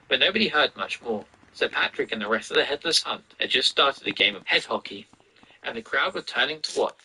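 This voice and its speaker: A man reading a novel aloud in a steady, even storytelling voice while playing a video game. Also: mid-range voice, brisk, soft background music, poor audio. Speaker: reader and gamer. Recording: game noise and sirens behind. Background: traffic and police sirens from a video game.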